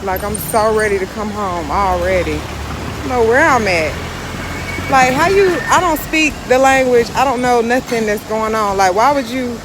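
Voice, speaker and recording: A woman's voice: a little high, normal speed. A woman vlogging outdoors on city streets, frank and irritated, hot and out of breath from walking. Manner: frank, irritated venting, then motivational. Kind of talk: casual vlog talk to camera. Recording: street noise under the voice. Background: street and traffic noise.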